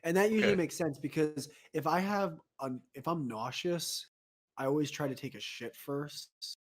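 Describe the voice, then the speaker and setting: A man in his thirties, a podcast co-host telling stories in casual chat on a remote call, animated and laughing often. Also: a little high, normal speed. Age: 30s. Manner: animated, acts out quoted voices, frequent laughter. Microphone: home mic on a remote call.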